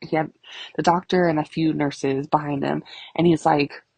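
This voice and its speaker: A podcast host in her thirties tells casual stories in a monologue, her deep voice carrying vocal fry and a slight roughness at a moderate pace, with no echo. She's an animated storyteller who swears heavily and laughs often.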